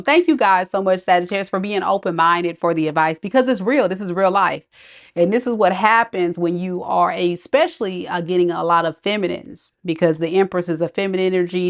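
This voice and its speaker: A woman tarot reader, chatting on a live stream, reading viewers' comments aloud and laughing often. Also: fairly low pitch. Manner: chatty, reads chat aloud, frequent laughter.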